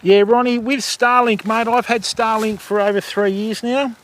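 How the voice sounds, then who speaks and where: A man's voice: high-pitched, little pitch movement, normal speed, fairly bright tone, slight background noise. A middle-aged Australian man hosting a fishing livestream outdoors, chatting casually with viewers and calling them mate. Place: outdoors by the water.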